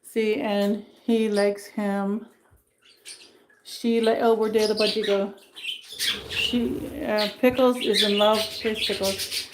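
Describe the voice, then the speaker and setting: Woman host, casual rambling livestream chat, bird room with birds clearly audible. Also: mid-range voice, little pitch movement, takes it slowly. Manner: chatty, rambling, coos at her birds. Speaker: pet channel host. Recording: clear bird noise in the background. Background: birds chirping and squawking.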